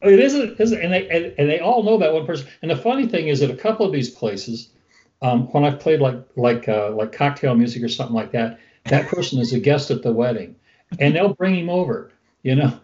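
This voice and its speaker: A man's voice: on the high side, animated, fairly quick, a little mellow. A man hosting a podcast, chatting about gigs in an amused, storytelling way. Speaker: podcast host and guitarist. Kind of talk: casual chat. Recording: dull lo-fi sound.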